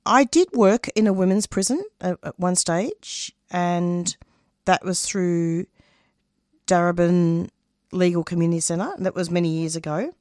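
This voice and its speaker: A woman's voice: on the low side, a little slow, a little mellow, no echo, studio quality. A woman from Australia, a radio producer and host, talking in an interview, earnest and passionate, often restarting her sentences. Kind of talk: casual interview talk.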